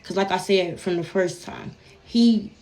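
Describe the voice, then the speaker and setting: A woman's voice: mid-range voice, measured pace, a little mellow. A woman telling a personal story to her viewers in a brash, profane, casual way, constantly calling out to them as y'all.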